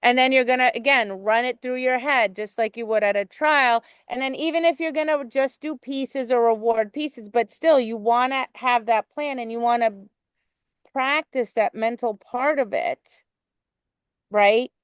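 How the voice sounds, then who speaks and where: A woman's voice: fairly high pitch, unhurried, smooth, dry recording. Blunt woman coaching dog obedience. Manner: blunt and emphatic, swears casually. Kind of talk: coaching a training session.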